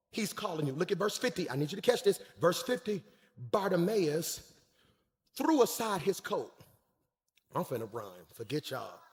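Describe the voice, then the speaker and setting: A man preaching a sermon as pastor, swinging between shouted calls and quiet, hushed storytelling. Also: high voice, long reverb tail. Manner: preaching in Black church style, shouting and dropping to a hush.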